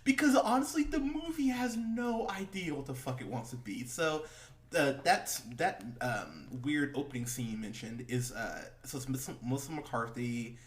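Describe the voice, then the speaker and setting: A man's voice: medium pitch, normal speed. A man hosting a casual movie review podcast, rambling with lots of fillers, laughing and swearing as he talks. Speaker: podcast host.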